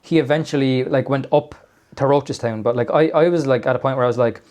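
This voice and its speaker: A man's voice: mid-range voice, fast, darkish tone. A young man telling a rambling story on a podcast, full of fillers and laughter. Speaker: podcast co-host. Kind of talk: casual storytelling chat.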